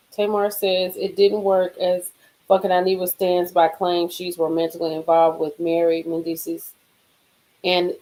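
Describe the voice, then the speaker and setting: A woman hosting a casual live stream from a car, reading gossip aloud and reacting with sudden high exclamations and low murmurs. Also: low-quality recording. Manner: animated, swings into high exclaims and drops to murmurs.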